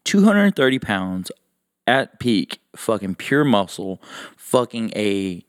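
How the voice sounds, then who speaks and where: Lively young man riffing on a podcast. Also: fairly low pitch, takes it slowly, dry recording, clean studio sound. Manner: animated, swearing, lots of "like" fillers. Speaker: podcast co-host. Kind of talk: casual chat.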